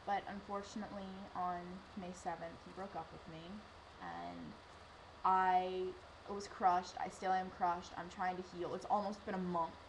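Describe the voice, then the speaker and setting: A woman's voice: on the low side, moderate pace, background noise. A teenage girl telling a personal story in a rambling, emotional way, acting out what people said. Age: teens. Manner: rambling, emotional, lively with acted-out quotes. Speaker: vlogger.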